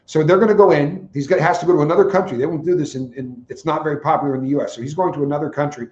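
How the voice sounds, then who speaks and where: A man's voice: a little high, fairly even intonation, rapid-fire, darkish tone. A man co-hosting a podcast who makes confident, opinionated points and backs them with examples in casual chat. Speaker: podcast co-host. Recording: echoey, dull lo-fi room audio.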